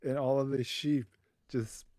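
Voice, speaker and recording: A man's voice: medium pitch, fairly even intonation, unhurried, warm tone, no room sound. A man co-hosting a podcast who narrates an improvised story in an easygoing way. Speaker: podcast co-host.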